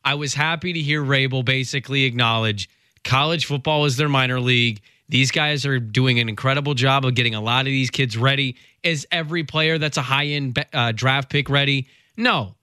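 Bright-voiced man arguing football. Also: mid-range voice, no echo, studio quality. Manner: conversational, opinionated, quick restarts. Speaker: sports radio co-host. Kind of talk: casual sports talk.

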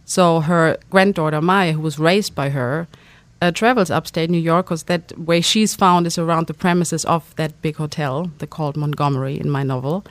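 A woman's voice: sits low, fairly even intonation, moderate pace, no room sound. A woman novelist from Germany, talking about her book in an interview, with many fillers and restarts. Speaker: novelist guest. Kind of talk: casual interview talk.

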